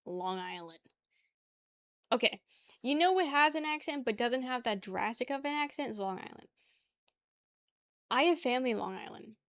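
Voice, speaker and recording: A woman's voice: fairly high pitch, animated, normal speed, pauses often, a bit bright, dry recording. A young woman from the New York area chatting casually with her stream chat, joking, laughing and rambling.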